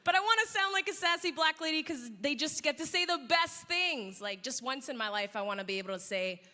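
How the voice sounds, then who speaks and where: A woman's voice: high voice, lively intonation, fairly quick, big-room sound. A woman comedian doing a self-deprecating stand-up set on a live stage, chatty and full of asides to the crowd. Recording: live show with loud crowd noise.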